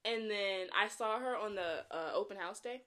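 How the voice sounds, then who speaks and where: A woman's voice: mid-range voice, normal speed, sharp tone. A young woman in her late teens chatting casually as a co-host, telling a dating story with frequent laughs and acted-out quotes. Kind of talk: casual chat.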